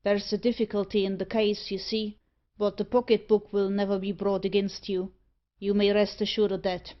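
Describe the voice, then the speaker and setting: A woman's voice: medium pitch, little pitch movement, normal speed, lo-fi sound, close to an everyday voice. A woman reading the part of a cunning male tinker who extorts money, talking slyly and coarsely and dropping his h's.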